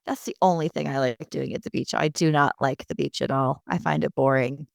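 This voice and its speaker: A chatty woman with a New Jersey accent recaps an episode on her podcast, sarcastic and full of asides. Her voice is smooth and clear, and the close mic sounds completely dry. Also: sits low, fairly even intonation, brisk, dry recording. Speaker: podcast host. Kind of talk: casual episode recap chat.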